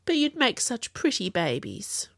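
A petulant, melodramatic young man, as a woman storyteller reads him sulks and grumbles. The delivery swings widely in pitch, and the sound is close and dry with no room around it. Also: wildly swooping pitch, a little slow, gravelly, no room sound, heavily acted. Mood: mournful. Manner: theatrical, petulant. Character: moody young man, dramatic and sulky.

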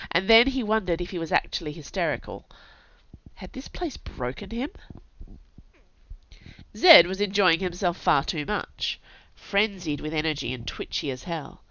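Woman, low voice, storybook narration, steady, dull lo-fi sound, dry close mic. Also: no room sound. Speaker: audiobook narrator.

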